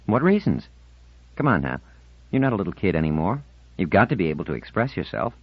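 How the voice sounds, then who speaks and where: A man's voice: deep voice, very animated, fairly quick, slightly rough, dry recording, heavily acted. A man voicing a cheerful, teasing seventeen-year-old boy in an audiobook, breezy and light. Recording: dull lo-fi audiobook recording.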